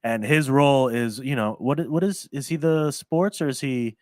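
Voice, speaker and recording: A man's voice: medium pitch, normal speed, a little mellow, dry recording. A young man hosting a casual chat, rambling and repeating words. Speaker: podcast host.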